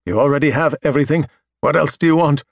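A man's voice: a little high, fast, no echo, voice pushed up. A man voicing a rebuilt android man who is panicky, pleading and close to tears. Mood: frightened pleading. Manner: panicky, pleading, almost weepy.

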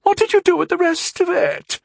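Man playing a furious middle-aged noblewoman, shrill, scolding, lively swoops, dry sound. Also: normal speed, dry recording. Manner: shrieking, scolding. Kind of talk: audiobook character voice.

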